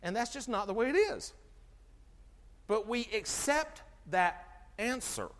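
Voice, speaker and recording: An animated middle-aged man gives a sermon-like health talk and quizzes his listeners as he goes. His voice sits high and swings up and down all the time. The sound carries the long reverb of a hall. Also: slow. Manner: animated, asks the audience questions, acts out dialogue. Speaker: chiropractor giving a health talk.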